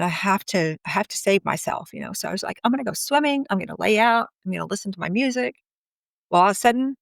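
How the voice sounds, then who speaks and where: A woman's voice: medium pitch, gravelly, a bit bright, no echo, studio quality. A middle-aged woman candidly telling a personal story in a chatty way, acting out what people said. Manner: candid, chatty, acts out quoted speech. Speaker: guest telling her story.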